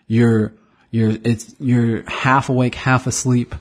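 A man's voice: mid-range voice, little pitch movement, unhurried. A man in his thirties co-hosting a casual podcast, rambling through anecdotes and chuckling often. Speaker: podcast co-host. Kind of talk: casual chat.

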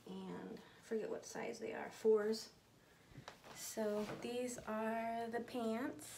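A woman's voice: a little high, warm tone. Chatty woman vlogger, noisy home video. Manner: chatty, talks straight to viewers. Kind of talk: casual unboxing chat.

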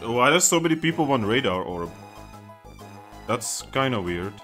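A let's play commentator giving casual gameplay commentary, excitable, swearing and laughing often. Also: medium pitch, normal speed, faint music behind.

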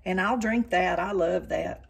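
Her voice sits on the low side with vocal fry, at a measured pace, and the recording has a little hiss or hum. An older Southern country woman, she vlogs casually from her home kitchen, talking to camera as she cooks and saying "y'all" a lot.

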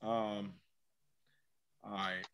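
A man co-hosting a podcast, giving blunt, profane opinions in relaxed slang. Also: lowish voice, very slow, vocal fry, clean tone. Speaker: podcast co-host. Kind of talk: casual debate chat.

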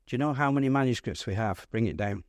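A man, a pastor, teaching a Bible study in a lively, conversational way, putting questions to his audience. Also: mid-range voice, fast, dry recording, clean studio sound.

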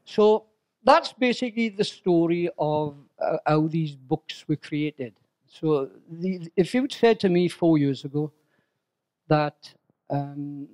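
A man's voice: on the high side, darkish tone. An older man giving a chatty, anecdotal talk to a club audience, full of fillers and repeated words. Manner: chatty storyteller, acts out dialogue, fillers and repeats. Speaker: guest speaker, crime novelist.

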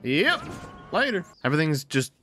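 A man's voice: a little high, big pitch swings, moderate pace. A young man doing let's-play commentary, cursing and mocking what is on screen. His voice jumps around a lot as he reacts, with game music faintly underneath. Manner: loud, profane, mocking reactions. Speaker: gaming channel host.

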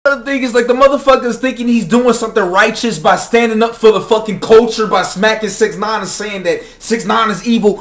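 A young man ranting in a profane, exasperated reaction commentary, now and then breaking into shouts. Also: high voice, a little fast, few pauses. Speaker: commentary vlogger.

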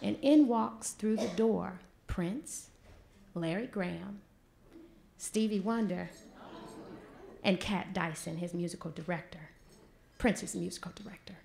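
Gravelly woman telling a story. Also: lowish voice, a little slow, pauses often, slight background noise. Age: 40s. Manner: animated, vernacular, acts out quotes loudly. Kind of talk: live stage storytelling. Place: stage before an audience.

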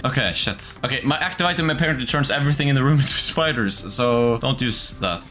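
A man streaming a game in casual commentary, excitable, swearing often and laughing a lot. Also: mid-range voice, fast talker. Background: game music.

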